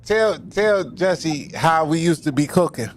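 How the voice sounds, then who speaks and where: A man's voice: on the high side, lively intonation, a little slow, slight background noise. A man in casual panel talk, bantering loosely and teasing the others by name.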